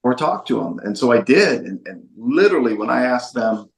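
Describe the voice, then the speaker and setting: A man's voice: mid-range voice, big pitch swings, a little fast, vocal fry, reverberant. A man, a documentary filmmaker guest, tells a story in an interview with emphatic repetitions. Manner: emphatic, repeats phrases for stress.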